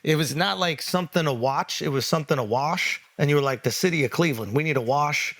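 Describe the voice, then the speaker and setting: A man's voice: fairly high pitch, fast, a bit bright. A middle-aged man co-hosting a comedy podcast, hyped and playful as he trash-talks. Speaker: podcast co-host. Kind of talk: casual comedic chat.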